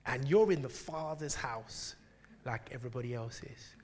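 A man preaching a sermon, telling a personal story with lively laughter and frequent asides to the congregation. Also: mid-range voice, normal speed. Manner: animated, laughing, keeps asking "do you know what I mean".

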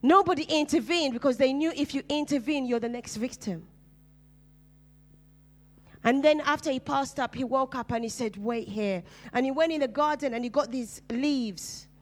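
At a normal speed, a woman pastor from Uganda shares her testimony as a sermon. She moves between booming bursts and soft, hushed asides as she tells the story.

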